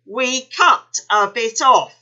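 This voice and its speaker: A woman's voice: mid-range voice, big pitch swings, takes it slowly, pushed and bright, dull audio, exaggerated voice. A woman voicing a dry, knowing male doctor who speaks in clipped phrases in a storybook reading. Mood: wry. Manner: clipped, wry.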